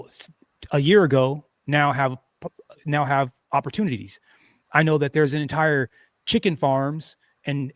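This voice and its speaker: A man's voice: mid-range voice, no room sound. Rambling man talking on a livestream. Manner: rambling, conversational, frequent restarts and fillers. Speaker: livestream host. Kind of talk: casual livestream talk.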